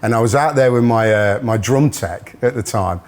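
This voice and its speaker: A man's voice: lowish voice, normal speed. A middle-aged man, a musician guest telling stories in casual chat and laughing often. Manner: chatty storyteller, laughs often.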